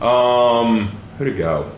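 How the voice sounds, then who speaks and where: A man's voice: medium pitch, takes it slowly. A man streaming a game, bantering and teasing in a casual joking way, cursing freely. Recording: echoey room, faint noise.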